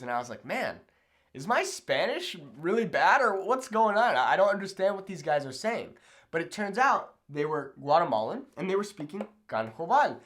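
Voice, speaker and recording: Animated young man teaching at a whiteboard. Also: fairly high pitch. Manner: upbeat, chatty, checks in with 'okay?'. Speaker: Spanish teacher. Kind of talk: whiteboard language lesson. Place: room with a whiteboard.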